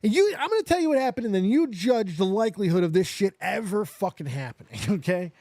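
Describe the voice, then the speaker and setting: A man in his forties tells a story on his stream in a high, bouncing voice that climbs and dips with every turn. He swears freely and plays out each side of the conversation himself. The sound is dry and close, with no room around him. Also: quick pace, no echo. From Las Vegas, USA. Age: 40s. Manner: animated, swears often, acts out both sides of dialogue. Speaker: livestream host. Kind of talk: casual storytelling.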